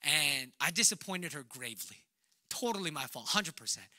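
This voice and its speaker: A young man preaches in a relaxed, conversational way, acting out little exchanges of dialogue and dropping to a near whisper for the tender lines. His voice sits fairly high and sounds very bright and clear. The recording is dry and close. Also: moderate pace, dry recording. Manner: conversational, acts out quoted dialogue, drops to a hush for tender lines. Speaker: pastor. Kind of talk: sermon.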